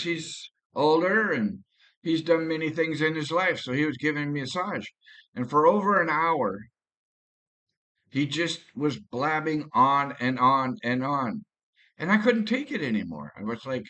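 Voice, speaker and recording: Man, vlogger, rambling halting monologue, bright tense voice, slightly high. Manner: rambling, halting, with frequent restarts. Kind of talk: casual personal monologue.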